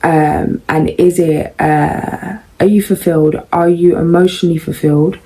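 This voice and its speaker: A woman doing a casual tarot reading, musing and unhurried, with frequent pauses and ums. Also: fairly low pitch, steady tone, dark tone, slight background noise, low-quality recording. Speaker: tarot reader.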